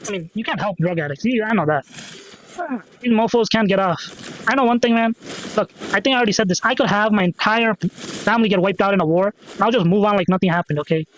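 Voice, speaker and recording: Man, high-pitched, rambling podcast host, profane, lots of fillers, faint hiss behind. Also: fast talker, fairly bright tone, rough recording. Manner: rambling, profane, repeats himself with many fillers. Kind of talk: rambling solo podcast monologue.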